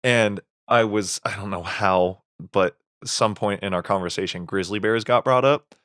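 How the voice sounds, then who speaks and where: A man's voice: lowish voice, normal speed, fairly bright tone, dry recording, clean studio sound. A man co-hosting a podcast, chatting casually and telling swearing, laughing stories. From German family roots. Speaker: podcast co-host. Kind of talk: casual chat.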